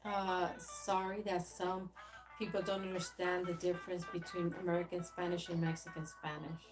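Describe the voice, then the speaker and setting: A woman with a lowish voice reads viewer comments aloud on a livestream, pausing hesitantly between them. Music plays clearly behind her. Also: flat delivery. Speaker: co-host reading viewer comments. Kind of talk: reading chat comments aloud.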